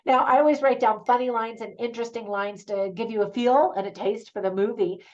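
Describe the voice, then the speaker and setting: A woman's voice: fairly high pitch, steady tone, a little fast, darkish tone. Chatty woman reviewing a movie, slightly muffled. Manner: chatty, opinionated, laughs easily. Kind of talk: casual spoken movie review.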